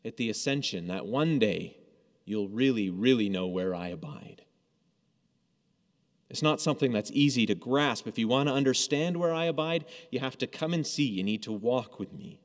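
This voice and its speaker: A man preaching a sermon in a conversational, storytelling way, acting out quoted lines as he goes. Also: mid-range voice. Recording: long hall reverb.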